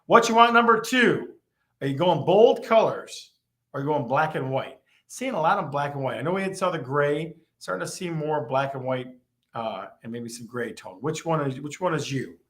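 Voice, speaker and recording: A man's voice: on the high side, moderate pace. Teasing male live-stream host. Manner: teasing, animated, repeats questions to the chat. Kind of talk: live stream chat with viewers.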